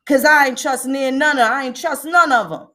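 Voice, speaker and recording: Woman, livestream host, fairly high voice, swears a lot, emphatic. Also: moderate pace, sharp tone. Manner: profane, emphatic ranting. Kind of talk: livestream commentary.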